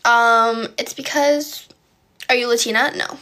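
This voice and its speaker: A woman's voice: on the high side, fairly even intonation, a little slow, pushed and bright. A young woman from Poland chatting on a phone live stream, answering viewer comments in a valley-girl way of talking and often stuttering. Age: young adult.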